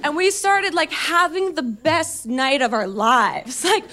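A woman's voice: high voice, lively intonation, slow pace, bright, forceful tone. A young woman doing stand-up, telling a chatty, self-mocking story and laughing through her lines. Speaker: stand-up comedian.

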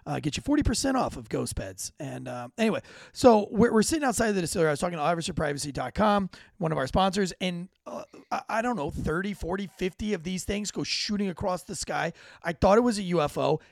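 A man co-hosting a podcast, excitable and casually swearing as he chats and slips in sponsor reads. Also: high voice, quick pace, gravelly, few pauses, dry recording, clean studio sound. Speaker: podcast co-host.

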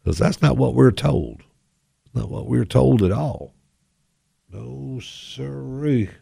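A man hosts a casual talk radio monologue into a headset mic in a radio studio, using a put-on folksy drawl with a wry, sarcastic tone. His medium-pitched voice is animated, a little slow, gravelly, warm and slightly rough. The studio sound is clean, with no echo.

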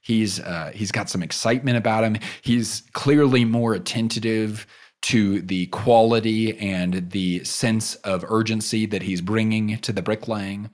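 A man hosting a business leadership podcast, giving an earnest motivational talk that swings from emphatic peaks to soft storytelling. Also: steady tone, measured pace. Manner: drops soft and low when telling a story.

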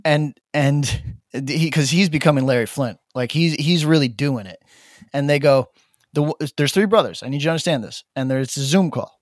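A man's voice: fairly high pitch, moderate pace, no room sound, studio quality. A man on a podcast, casually retelling a story with lots of fillers and acted-out quotes. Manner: rambling, many fillers, acts out quotes. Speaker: podcast co-host. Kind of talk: casual chat, animated storytelling.

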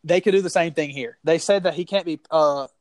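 A man's voice: fairly high pitch, a little fast, no room sound. A man with a Southern US accent co-hosting a casual sports podcast, rambling and heated with many restarts.

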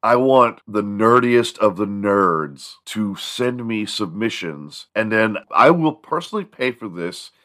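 A man's voice: fairly low pitch, expressive, measured pace, few pauses, a bit bright. A man hosting his own show in a casual solo monologue, rambling and joking crudely at his own expense. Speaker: podcast host.

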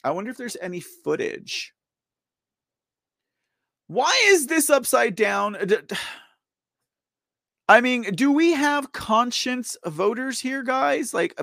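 His very high voice has vocal fry and sounds bright and forceful. As a livestream news show host, he rants live in exasperation, reading viewer chat, laughing often and repeating himself, in a dry recording with clean studio sound.

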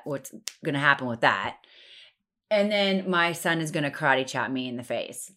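A low-pitched woman in her thirties hosts her own podcast in a loose, chatty way. She tells stories with acted-out voices, drops casual swear words and sarcastic asides. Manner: chatty, animated storytelling with acted-out quotes. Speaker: podcast host. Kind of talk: casual chat.

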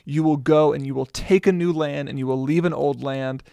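A man's voice: fairly high pitch, steady tone, moderate pace, creaky, mellow, clear, resonant tone, dry recording. A man co-hosting a casual Bible discussion, reading verses aloud and commenting on them. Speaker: Bible study co-host.

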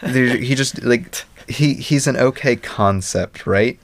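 A man co-hosting a casual movie review chat, rambling and animated as he retells scenes. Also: mid-range voice, slow pace, vocal fry. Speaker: podcast co-host.

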